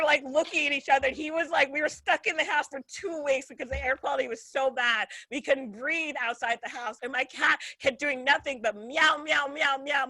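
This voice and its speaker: Woman comic, high bright voice, dry close sound, swears freely, laughs through her bits. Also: no room sound, rough recording. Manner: profane, laughs at own jokes. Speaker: stand-up comedian. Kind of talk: stand-up comedy set.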